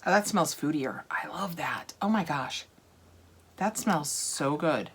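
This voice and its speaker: A woman's voice: sits low, animated, slow, a little hiss or hum. A woman in her thirties chatting through an unboxing, gushing and laughing, sometimes dropping to a whisper. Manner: chatty, gushing, laughs often, drops to whispers while sniffing. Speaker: unboxing vlogger. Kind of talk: casual unboxing chat.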